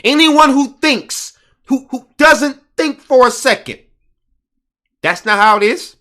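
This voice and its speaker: A man with a high, bright voice talks in an indignant, emphatic way, repeating his points for force. Between his arguments he reads passages from an article aloud. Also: expressive, unhurried. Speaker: commentator. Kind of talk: casual commentary.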